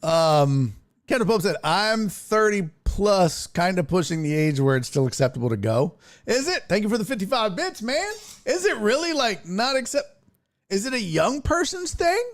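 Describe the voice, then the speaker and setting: A man's voice: high voice, normal speed. A man hosting a casual sports talk livestream, telling stories with lots of swearing and reading viewer chat aloud into a desk mic. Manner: profane, animated storytelling, reads chat aloud. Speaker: sports talk show host. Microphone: headphones and desk mic.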